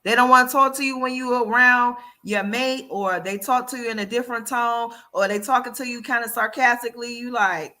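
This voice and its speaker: A woman hosting a casual talk show who talks in a lively way and acts out people's excuses as she goes. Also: fairly high pitch, fairly quick, few pauses. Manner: animated, acts out quoted excuses, repeats "yada, yada". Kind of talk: casual chat.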